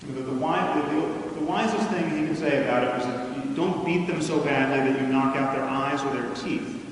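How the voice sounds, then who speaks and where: A man delivers a measured, argumentative lecture, his mid-range voice carrying through a large hall. The sound is roomy and distant, with a long reverb trailing each phrase. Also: a little high, slight background noise. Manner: measured and argumentative, with frequent restarts. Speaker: public speaker. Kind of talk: lecture to an audience. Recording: echoey hall recorded from far off.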